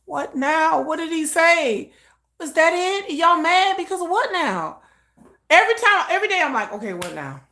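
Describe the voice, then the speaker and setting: Woman reaction streamer, high lively voice, bright and sharp, cussing rant. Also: measured pace, long pauses, a little hiss or hum. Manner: animated, profane ranting; exasperated, laughing asides. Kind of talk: live reaction commentary.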